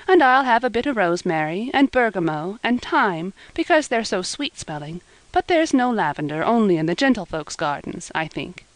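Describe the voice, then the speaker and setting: A woman reading the part of a lively young village girl, bashful and roguish, eager and coaxing. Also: medium pitch, normal speed, few pauses, no echo, lightly acted, poor audio.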